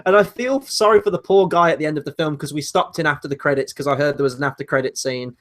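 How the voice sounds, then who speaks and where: A man with a fairly high voice co-hosting a film review podcast. He talks casually and at length, rambling from point to point. His tone is animated and sarcastic. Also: quick pace. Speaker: podcast co-host.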